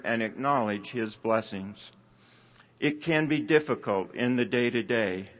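A man giving an earnest, measured sermon, reading scripture and quoted passages aloud. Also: medium pitch, fairly bright tone. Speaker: church speaker.

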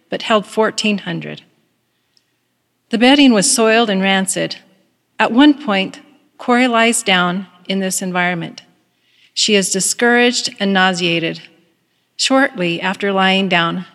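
Woman giving a calm devotional talk, measured and earnest, big reverby hall. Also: medium pitch. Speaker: devotional speaker. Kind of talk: devotional talk with a read-aloud story.

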